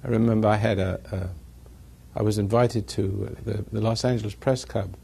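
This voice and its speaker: At an evening gathering, a man gives a rambling talk to a live audience, chuckling at his own jokes between stories. His fairly low voice is warm, husky, and steady, with vocal fry and a normal speed.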